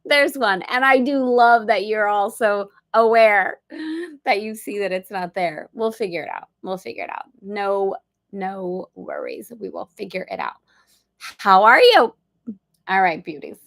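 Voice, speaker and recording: A middle-aged woman hosts a casual livestream, chatty and upbeat as she rambles through playful asides. Her voice sits at an ordinary pitch but carries a steady gravelly fry. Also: unhurried. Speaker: host of a spiritual study livestream. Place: on a boat.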